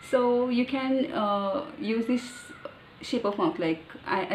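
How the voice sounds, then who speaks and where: A woman with an Indian English accent talking casually about learning pronunciation, thinking aloud with many pauses and fillers. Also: mid-range voice, fairly even intonation, slight background noise. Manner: halting, thinking aloud, with fillers and demonstrated sounds. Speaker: language learner. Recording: echoey room, faint ambience.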